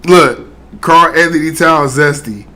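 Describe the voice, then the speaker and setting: A man's voice: on the high side, a little slow, bright, forceful tone. A man casually reacting to online clips in a slangy, amused, laid-back way.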